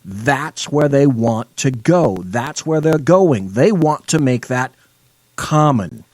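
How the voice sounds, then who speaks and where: A man's voice: medium pitch, animated, slow pace, darkish tone, no room sound. A man hosting a live show, reading quotes aloud and tearing into them with scorn. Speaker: show host. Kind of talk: opinionated live-stream talk.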